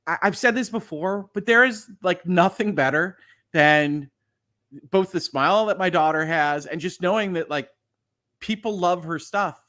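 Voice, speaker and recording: Halting, earnest middle-aged male livestream host. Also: sits high, pushed and bright. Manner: halting, repeats words, earnest. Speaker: legal channel host. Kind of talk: livestream chat, reading viewer comments.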